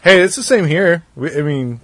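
A man's voice: fairly high pitch, moderate pace. American guy joking around on a podcast, voice jumps up and down a lot. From United States. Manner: joking, animated. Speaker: podcast co-host. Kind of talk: casual chat.

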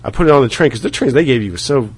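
A man's voice: medium pitch, animated, very fast, husky, no echo. A young adult man hosting a podcast, telling a rambling story in casual chat and laughing often. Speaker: podcast host.

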